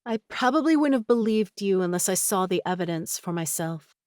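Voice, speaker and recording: Woman narrator doing a young woman, younger sister, prickly but remorseful, voice pitched up and emotional. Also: expressive, a little fast, darkish tone, no room sound, clean studio sound, close to an everyday voice. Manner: higher, emotional, shifting from guarded to teary.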